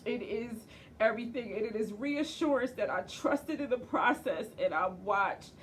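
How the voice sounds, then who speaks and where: A woman's voice: a little high, lively intonation, normal speed, a little hiss or hum. A woman in her forties recording a personal video diary, emotional and close to tears as she speaks tenderly to her daughter. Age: 40s. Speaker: vlogger and mother.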